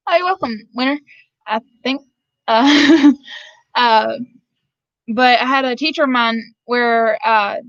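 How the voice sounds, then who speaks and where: A woman's voice: on the high side, fairly bright tone, no echo, dull audio. A woman from Georgia with a Southern drawl, casually chatting to her live-stream viewers and rambling with frequent laughs. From Georgia, USA. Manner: rambling, laughs often between sentences. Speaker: vlogger reading live chat.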